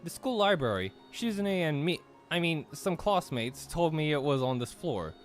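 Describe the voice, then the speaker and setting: A man reading a young male transfer student, casual, slightly awkward, higher voice, lively pitch, faint music. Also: normal speed. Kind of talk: reading a visual novel role aloud.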